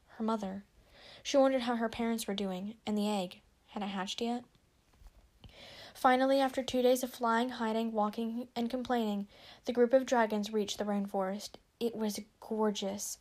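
A woman reading a storybook aloud with steady narration. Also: medium pitch. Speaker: reader.

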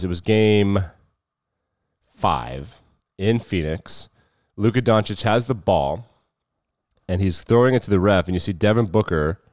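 A man's voice: on the low side, a little mellow, dry recording, highs cut off. A man hosting a sports show, riffing off the cuff on games and clips with a wry, sardonic edge. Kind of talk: casual sports commentary.

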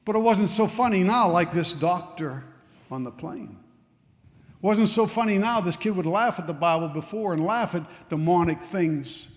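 High-voiced man preaching in echoing church. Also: lively intonation, moderate pace. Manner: dramatic, swings from hushed to fervent. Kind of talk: sermon storytelling. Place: church sanctuary. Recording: long reverb of a large church.

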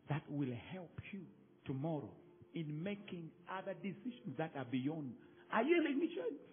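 A male pastor, preaching emphatically to his congregation, swinging from loud calls to soft drops. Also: a little high. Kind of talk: sermon. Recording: phone-like narrow sound.

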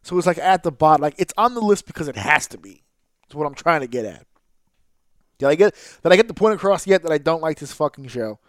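A man hosting a podcast, ranting with exasperation and heavy swearing, now and then mimicking others in a flat, deflated tone. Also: fairly high pitch, fast, no room sound, clean studio sound. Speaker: podcast host. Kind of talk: profane ranting podcast monologue.

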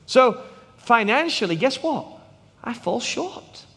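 A man in his thirties with a British accent, a missionary preaching a sermon and telling stories, at times dropping to hushed tones. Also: very high voice, sing-song, slow pace, big-room sound. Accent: British English. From England. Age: 30s. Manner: storytelling, drops to hushed tones for effect.

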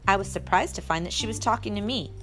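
A woman narrating a storybook aloud in a lively, expressive way. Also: mid-range voice, quick pace, soft background music. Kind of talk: storybook reading.

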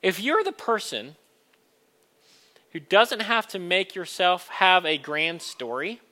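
A man's voice: high voice, big pitch swings, slow pace, bright, forceful tone. A man preaching a sermon to a congregation, earnest and building to emphatic questions. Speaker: pastor.

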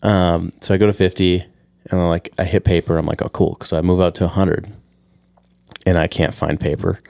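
Deep-voiced man with dry quips, close mic. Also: fairly even intonation, fairly quick, vocal fry, a little mellow, clean tone, no room sound. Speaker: podcast co-host. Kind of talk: casual chat.

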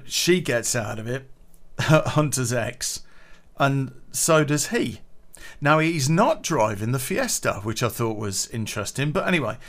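A man's voice: medium pitch, fairly bright tone. A man telling a casual anecdote, chatty, swearing freely and laughing at his own story.

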